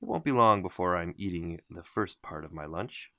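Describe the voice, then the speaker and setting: A man reads as a sly, greedy crocodile muttering his plans to himself in a low, deep voice. The sound is close and dry, with no room around it. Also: lively intonation, moderate pace, pushed and bright, no echo, full character voice. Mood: scheming. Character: scheming greedy male crocodile.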